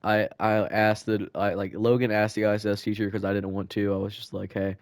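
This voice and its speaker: A man's voice: lowish voice, level tone, brisk, dry recording, clean studio sound. A teenage boy casually telling school stories on a podcast, rambling and laughing, with lots of fillers and restarts. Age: teens. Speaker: podcast co-host. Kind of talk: casual storytelling chat.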